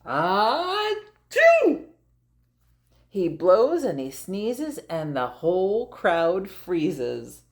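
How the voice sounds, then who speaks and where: A grandmother reads a picture book to a child, slow and unhurried. Her voice sits a little low and stays gentle. She plays along with the story and asks the child questions. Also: very animated. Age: older. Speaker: grandmother reading aloud. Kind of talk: storybook read-aloud to a child.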